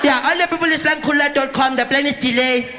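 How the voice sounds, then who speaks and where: A comedian voicing a brash female airport announcer who shouts and rambles in broken English. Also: extremely high pitch, steady tone, fast talker, pitched above the performer's own voice. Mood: bossy. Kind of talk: stand-up comedy. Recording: live stage, loud crowd and noise.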